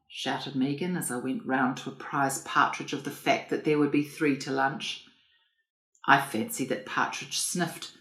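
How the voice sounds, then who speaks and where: A woman narrating an audiobook in a composed, even storytelling manner. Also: rumbling low, a little slow. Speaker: reader. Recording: roomy echo.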